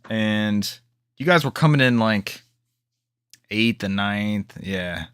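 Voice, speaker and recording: A man co-hosting a live gaming podcast, telling stories in a casual, animated way and acting out quotes. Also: on the low side, a little slow, smooth, no echo, clean studio sound. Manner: animated storyteller, acts out quotes. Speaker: podcast co-host. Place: home setup on live stream.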